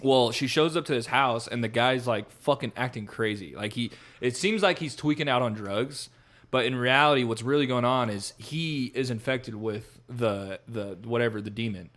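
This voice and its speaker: A man's voice: medium pitch, normal speed. Young male podcast co-host, casual, swears freely, acts out the scenes he retells. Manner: animated storyteller acting out scenes with heavy swearing. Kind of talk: casual chat.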